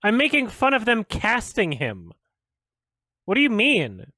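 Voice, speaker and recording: High-voiced exasperated man ranting. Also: huge pitch swings, a little slow, bright, forceful tone, dry recording. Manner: exasperated, swearing, laughing often. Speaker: film critic streamer. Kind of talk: ranting stream commentary.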